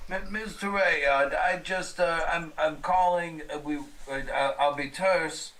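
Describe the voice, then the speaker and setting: A man voicing an earnest male paranormal investigator in a horror tabletop game, halting and stammering as he speaks. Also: a little high, a bit bright, rough recording. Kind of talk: horror tabletop role-play.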